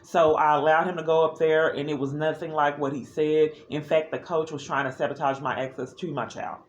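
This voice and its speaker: A woman's voice: sits low, steady tone, fairly quick, muffled recording. A woman talks straight to the camera in a personal video diary. Her delivery is earnest and agitated, and she often breaks off mid-sentence and starts over. A faint hum of room ambience sits underneath. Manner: earnest and agitated, with frequent restarts. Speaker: parent recording a video diary.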